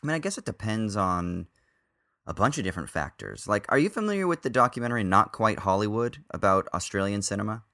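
A man's voice: lowish voice, very animated, fast, bright, forceful tone. A man co-hosting a podcast, talking films in a casual, swearing way with lots of fillers. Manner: swears freely, many fillers. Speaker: podcast co-host. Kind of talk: casual film discussion.

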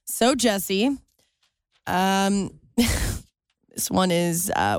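A woman's voice: medium pitch, dry recording. A woman co-hosting a casual radio show in a studio, curious and giggly, full of questions. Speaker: co-host.

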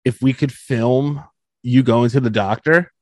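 A man's voice: medium pitch, steady tone, a little slow, a little mellow, dry recording. A man co-hosting a casual live podcast, swearing freely, laughing often and acting out what other people said to him. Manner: profane, laughs often, acts out quotes. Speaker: podcast co-host. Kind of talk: casual live-show banter.

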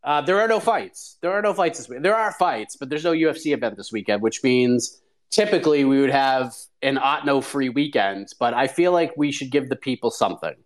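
A man hosting a casual morning chat show, upbeat and energetic, talking to listeners. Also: mid-range voice, a little fast. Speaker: host.

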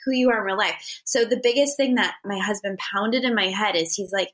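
A woman guest in a casual interview, telling stories in an animated way with many fillers. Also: medium pitch, brisk. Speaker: guest, YouTuber.

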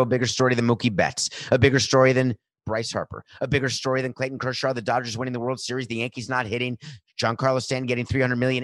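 Middle-aged male sports commentator, opinionated and emphatic, medium pitch, dead-dry recording. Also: fairly bright tone, no room sound. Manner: emphatic, repetitive, building lists. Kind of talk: opinionated monologue.

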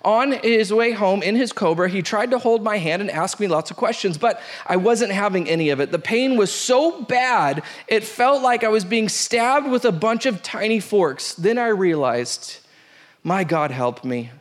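A man hosting a show, reading a funny first-date story aloud with lively, laughing delivery. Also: high-pitched, moderate pace. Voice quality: animated, breaks into laughter, shouts out the quoted lines. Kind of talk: comic storytelling read aloud.

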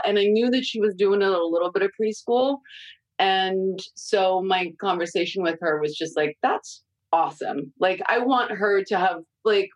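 A woman's voice: mid-range voice, no echo, low-quality recording. A woman in her forties, a podcast guest, chatting candidly about raising young kids and swearing freely. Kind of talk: casual podcast chat.

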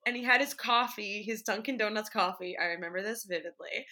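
A woman's voice: on the high side, brisk, few pauses, sharp tone. A woman in her twenties, an actress, telling a story in a chatty way and laughing as she talks. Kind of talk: casual storytelling.

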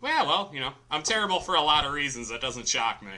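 A man from Illinois co-hosting a podcast, chatting in a relaxed, agreeable and self-deprecating way. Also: a little high, fast. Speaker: podcast co-host. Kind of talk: casual chat.

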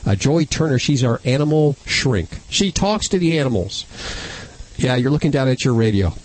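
A man's voice: mid-range voice, animated, moderate pace, darkish tone, low-quality recording. Breezy self-mocking radio host man. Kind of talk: radio show introduction.

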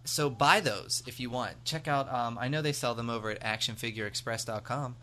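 An American man co-hosting a podcast in relaxed, rambling chat, joking and filling gaps with ums. His voice is bright and forward, at an everyday middle pitch. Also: a little fast. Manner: rambling, jokey, full of fillers. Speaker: podcast co-host. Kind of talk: casual chat.

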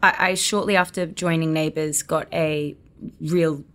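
A woman's voice: low voice, fairly even intonation, a little slow, a bit bright. A woman in her twenties with an Australian accent, chatting as an actress guest in an interview and telling stories with acted-out quotes. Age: 20s. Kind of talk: casual interview chat.

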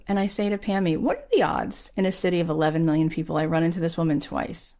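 A woman, telling a personal story in an animated way and acting out the voices she quotes. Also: on the low side, fast, few pauses.

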